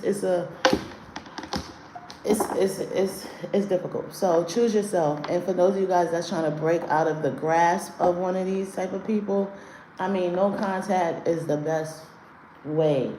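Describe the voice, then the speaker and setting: With a lowish voice and a measured pace, this livestream host does card readings and doesn't mince words, swearing freely and frequently calling out her chat. Faint noise and a roomy echo color the sound.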